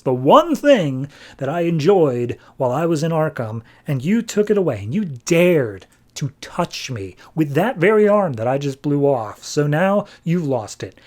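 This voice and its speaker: A man's voice: a little high, darkish tone. A podcast host voicing the Riddler, a touchy, mocking male supervillain, while recapping a comic. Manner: mocking, insulting, quick to snap.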